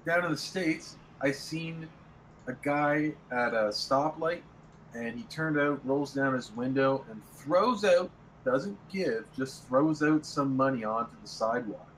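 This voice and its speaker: A man telling a relaxed anecdote in casual conversation. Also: mid-range voice, measured pace, a little hiss or hum, rough recording. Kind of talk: casual chat.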